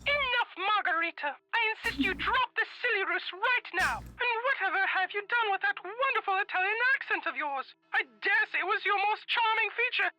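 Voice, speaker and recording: Pompous elderly society lady, very high voice, bright and sharp, prim, theatrical, video game. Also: expressive, fairly quick, hardly any pauses, heavily acted, low-quality recording. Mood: haughty. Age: older. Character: haughty elderly rich society woman, fussy.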